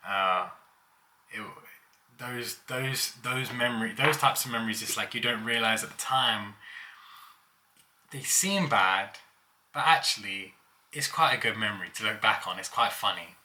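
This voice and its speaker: Young man, bright sharp tone, low voice, chatty storytelling with laughs. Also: measured pace, long pauses. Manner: chatty, laughs while telling stories. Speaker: vlogger. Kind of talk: casual storytelling.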